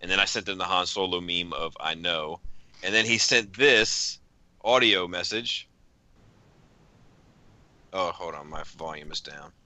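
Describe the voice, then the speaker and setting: Laughing low-voiced man telling a story. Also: measured pace, long pauses, pushed and bright, slight background noise. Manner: laughing storyteller, reads out text messages. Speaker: podcast host. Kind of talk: casual chat.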